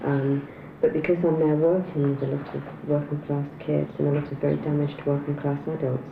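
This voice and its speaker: A woman's voice: deep voice, level tone, a little fast, creaky, roomy sound, phone-quality sound, noisy background. A woman with a northern English accent speaking earnestly and bluntly in a documentary conversation. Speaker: interviewee.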